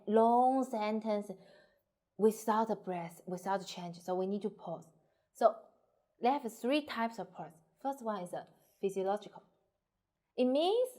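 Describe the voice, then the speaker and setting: A woman's voice: fairly high pitch, darkish tone. A Mandarin Chinese teacher explaining pronunciation in simple, non-native English, a woman who speaks it as a second language and switches into Mandarin example sentences. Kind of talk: language lesson.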